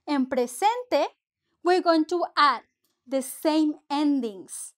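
High-voiced, slow-talking teacher woman. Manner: patient, explains step by step, mixes English and Spanish. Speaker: Spanish teacher. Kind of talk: language lesson.

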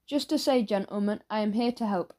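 A woman's voice: mid-range voice, a little fast, mellow, close to an everyday voice. Raj, a woman voicing a fawning chatty shopkeeper. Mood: eager, fawning. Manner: fawning, salesy, rambling. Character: overly eager, chatty male shopkeeper.

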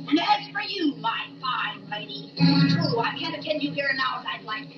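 A menacing old witch cackles and threatens in a high, shrill, theatrical voice. The sound is a muffled old film soundtrack, heard from a distance in a roomy space, with a loud orchestral score underneath. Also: animated, normal speed, loud music behind the voice.

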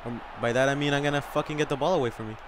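A young man commentating his own soccer video game live, excitable and swearing, whooping and yelling at big plays. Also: mid-range voice, rapid-fire, slight background noise. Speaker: gamer.

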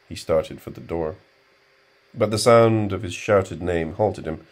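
A male audiobook narrator with a very deep voice. He reads in a measured, subdued way, steady and unhurried through the prose. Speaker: audiobook reader.

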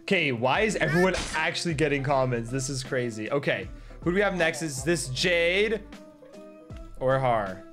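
Casting: male gaming host, high voice, loud hyped announcer energy, faint music bed. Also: lively intonation, moderate pace. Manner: hyped, shouty announcing, teasing. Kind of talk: excited gaming video commentary.

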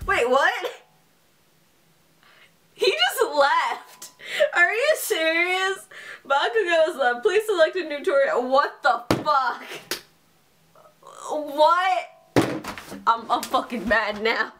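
A young woman YouTuber commenting on a game she is playing, excitable and quick to swear and laugh. Her voice sits fairly high and jumps all over the place, with faint music playing underneath. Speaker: gaming YouTuber. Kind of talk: let's play commentary.

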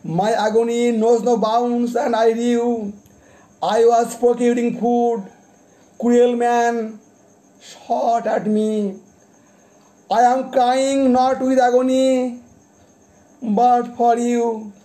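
Very high-voiced man reciting poetry slowly. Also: level tone, dark tone. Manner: deliberate, repeats titles and page numbers; explains each poem after reading it. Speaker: poet.

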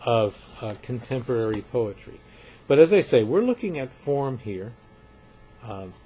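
Slow, deliberate male lecturer. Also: medium pitch, dark tone, a little hiss or hum. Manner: measured, emphatic, repeats points for students. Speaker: literature lecturer. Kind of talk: recorded lecture.

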